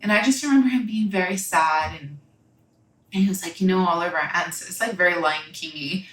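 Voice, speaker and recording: A young woman telling a personal story in a halting, reflective way, often pausing with "like" and "you know.". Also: fairly low pitch, a bit bright. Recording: echoey room.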